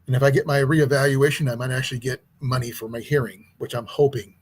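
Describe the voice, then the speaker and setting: A man hosting an outdoors channel who teaches archery, talking in a casual, rambling livestream chat with a hoarse, husky voice. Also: medium pitch, fairly even intonation, fast. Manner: rambling, chatty, with many restarts.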